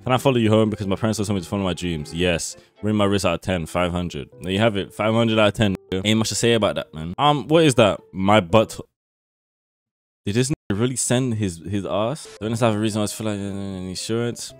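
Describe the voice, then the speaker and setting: A man's voice: on the low side, fairly quick, soft background music. A young man, streaming and reacting to chat messages in slangy, swearing, mocking talk. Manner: slangy, swearing, mocking, bursts into loud laughter.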